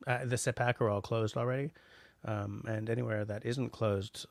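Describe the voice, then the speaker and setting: A middle-aged man from Canada chats loosely on his livestream, stumbling through restarts and fillers as he answers viewers. His voice sits at a middle pitch with a gravelly edge. The sound is close and dry. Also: steady tone, moderate pace, no echo. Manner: rambling, many restarts and fillers. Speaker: livestream host reading chat. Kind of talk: casual chat.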